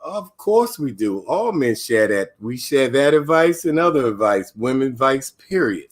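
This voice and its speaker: Older man, relaxed family storyteller, chuckles, video call, casual chat. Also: medium pitch, normal speed. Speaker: guest, father of the host. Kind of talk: casual family conversation on a web show.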